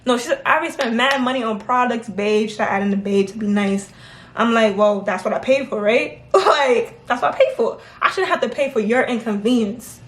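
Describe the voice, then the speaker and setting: A woman telling a story in casual chat, animated and laughing as she acts out what others said. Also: fairly high pitch, a little fast. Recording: echoey room.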